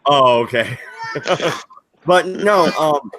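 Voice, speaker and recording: A man co-hosting a casual livestream, reading out chat and talking slowly, with many hesitant ums. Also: a little high, animated, noisy background.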